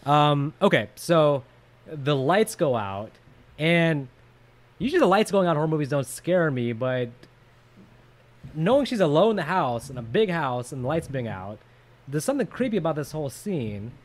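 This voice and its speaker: A man's voice: a little high, sing-song, moderate pace. Chatty man reviewing a horror film. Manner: chatty, jokey, trails off with fillers. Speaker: podcast co-host. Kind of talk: casual movie discussion.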